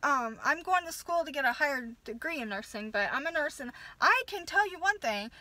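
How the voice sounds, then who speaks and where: High-pitched, expressive and sharp, this American woman in her thirties, who works as a nurse and is a mother, goes on an angry, profane rant to the camera, stumbling through many restarts. The recording has no echo but is rough.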